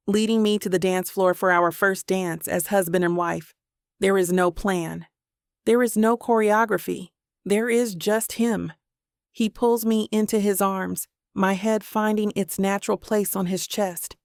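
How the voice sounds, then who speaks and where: Woman narrating romance, slightly gravelly. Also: mid-range voice, fairly even intonation, unhurried, no echo, clean studio sound. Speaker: audiobook narrator. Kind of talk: first-person romance audiobook narration.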